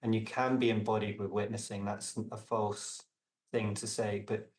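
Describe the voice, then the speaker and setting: A man talking as a podcast guest in casual reflective conversation, meandering with many fillers and restarts and trailing off softly. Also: fairly low pitch, little pitch movement, normal speed, reverberant, recorded from a distance. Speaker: podcast guest, relational coach.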